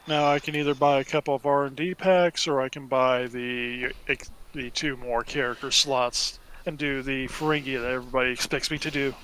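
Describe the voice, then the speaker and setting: A man's voice: mid-range voice, steady tone, normal speed, few pauses, fairly bright tone, clear, resonant tone, low-quality recording. A man co-hosting a gaming livestream in casual chat, matter-of-fact and often restarting his sentences.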